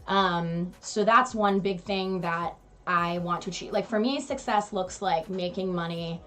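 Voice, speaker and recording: A woman's voice: on the low side, a little slow, bright, forceful tone. A young woman co-hosting a casual live chat with her partner, who laughs often and reads out viewer questions. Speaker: co-host of a couple's live stream.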